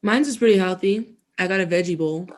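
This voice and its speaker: A woman's voice: lowish voice, a little fast, slight background noise. A woman co-hosting a casual podcast while eating, chatty and laughing often as she shares tips. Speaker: podcast co-host.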